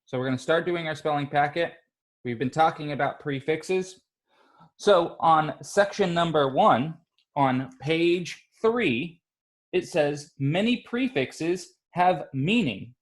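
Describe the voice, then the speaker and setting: Slow, patient male teacher. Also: on the high side. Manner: slow, patient, encouraging with children. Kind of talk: online class lesson. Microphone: computer mic on a video call.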